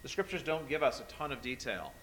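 A male pastor preaching a sermon, building to loud emphatic peaks and then dropping soft and low. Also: big pitch swings, brisk, rough recording.

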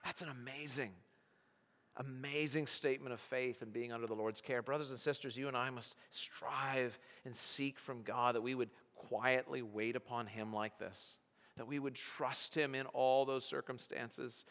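Male pastor, sermon delivery, forceful, bright tone, long hall reverb. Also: medium pitch, fairly even intonation, normal speed. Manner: preaching with rising, emphatic bursts.

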